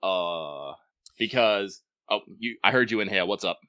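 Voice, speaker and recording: In a casual conversation, a podcast co-host speaks in long, loose runs, swearing freely and correcting himself mid-sentence. His voice is bright and forward yet on the low side, with lively intonation at normal speed, recorded close and dry with no room sound.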